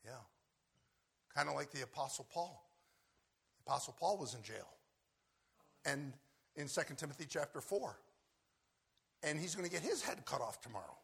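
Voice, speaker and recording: Gravelly, bright-voiced preacher. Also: male voice, lively intonation, normal speed, long pauses. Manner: swings from loud shouted acted quotes to low quiet asides. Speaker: pastor. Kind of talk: sermon.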